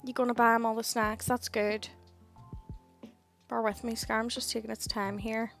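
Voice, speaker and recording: A young woman sits at home in a headset, streaming and chatting easily with her viewers. Her voice is high and she sounds a bit tired and yawny. Soft game music plays faintly behind her. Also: flat delivery, moderate pace, creaky. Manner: chatty, reads and answers viewer chat, sighs and laughs at herself. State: tired, yawning. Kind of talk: casual live-stream chat.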